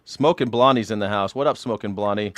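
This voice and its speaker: A man's voice: on the low side, brisk, a bit bright. A man hosting a casual call-in livestream, rambling and profane, boasting about himself in a joking way. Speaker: livestream host taking callers.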